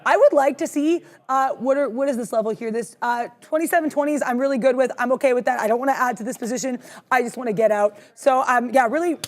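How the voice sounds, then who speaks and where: A woman co-hosting a live trading show, chatty and bubbly, fond of puns, reading chat and giving market commentary. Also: high voice. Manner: bubbly, talks fast, loves puns. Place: studio with green screen.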